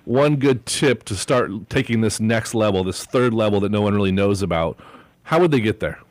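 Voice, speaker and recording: A man's voice: fairly low pitch, lively intonation, moderate pace, no echo. Encouraging male radio host. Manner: encouraging, sums up the guest's points. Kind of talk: radio talk show interview.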